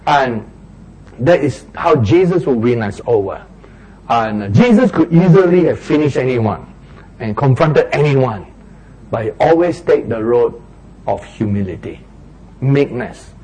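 A man's voice: mid-range voice, expressive, a little slow, mellow, breathy edge, low-quality recording. A man, preaching a sermon and acting out little street quarrels in raised voices.

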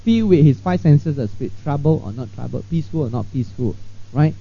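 A man's voice: a little high, animated, brisk, gravelly, slightly rough. A man teaching a Bible class in a conversational way, often checking in with his listeners. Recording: dull lo-fi recording.

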